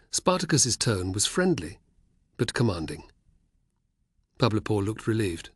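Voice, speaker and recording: A man narrating an audiobook in a measured, even way. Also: fairly low pitch, breathy edge, no room sound, studio quality. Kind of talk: scripted narration.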